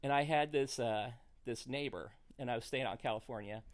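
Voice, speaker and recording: Brief: male comic guest, mid-pitched, spins animated stories and laughs along. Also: fairly quick. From rural United States. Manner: animated, laughs through his own stories. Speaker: comedian guest. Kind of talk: casual storytelling.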